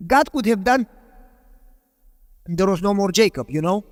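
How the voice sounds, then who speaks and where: High-voiced male preacher in a hall. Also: animated, measured pace, long pauses, a little mellow. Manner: rhetorical questions to the audience; emphatic, storytelling preacher. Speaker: pastor. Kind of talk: sermon. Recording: long hall reverb.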